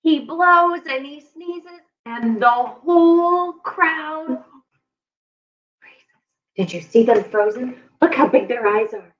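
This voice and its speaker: Animated woman reading a picture book. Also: high-pitched, takes it slowly, lo-fi sound. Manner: animated, playful, talks to young kids. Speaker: children's librarian.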